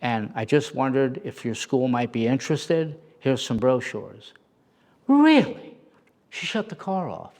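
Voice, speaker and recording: A middle-aged man telling personal stories in an animated way, laughing often and acting out the voices of the people he quotes. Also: medium pitch, normal speed, vocal fry, hardly any pauses. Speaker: interview guest, storyteller.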